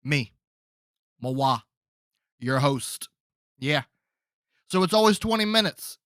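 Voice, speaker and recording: A man hosts a casual solo podcast, telling rambling stories straight to his listeners. He speaks slowly in a bright, forceful voice, and the sound is dry and close. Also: fairly high pitch, expressive, dry recording. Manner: loose, rambling storyteller who addresses listeners as folks. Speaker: podcast host.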